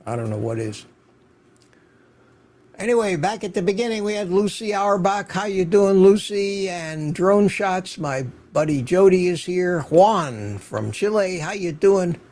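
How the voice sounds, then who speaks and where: A man's voice: high-pitched, expressive, measured pace, a little mellow. An older man hosting a live stream, chatting casually, greeting viewers by name and repeating words for stress. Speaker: host. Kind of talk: casual livestream chat.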